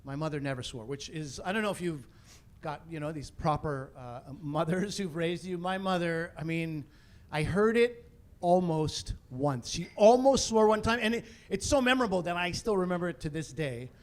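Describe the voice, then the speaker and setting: A middle-aged man from Canada performing a stand-up comedy set, animated, with loud bursts of exasperation as he acts out other people. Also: on the high side, moderate pace.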